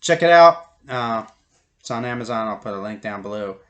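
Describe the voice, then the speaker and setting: A man's voice: mid-range voice, animated, moderate pace. Middle-aged guy vlogging, chatty storytelling, uh's everywhere, medium voice. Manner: conversational, chuckling, many fillers. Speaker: YouTube host. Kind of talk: casual storytelling vlog.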